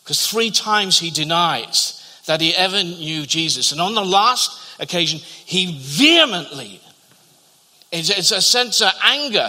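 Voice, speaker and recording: A man preaching a sermon, telling a story and often repeating his words, then dropping to a hush at tender moments. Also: high-pitched, expressive, measured pace. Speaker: pastor. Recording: long hall reverb.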